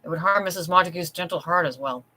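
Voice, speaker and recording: Reader doing a firm, caring housekeeper, bright voice, storybook. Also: mid-range voice, quick pace, poor audio. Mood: advising. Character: stern but caring older housekeeper.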